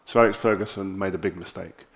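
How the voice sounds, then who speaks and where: A man with a South London accent, an interview guest telling candid stories on stage with animated, lively quoted dialogue. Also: low-pitched, fast. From South London, England.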